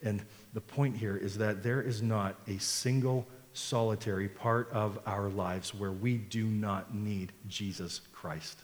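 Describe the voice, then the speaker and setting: A man's voice: fairly low pitch, steady tone, slow pace, few pauses. Fervent preaching man in a reverberant hall. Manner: builds to fervent, repetitive preaching cadence. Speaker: pastor. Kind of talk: sermon.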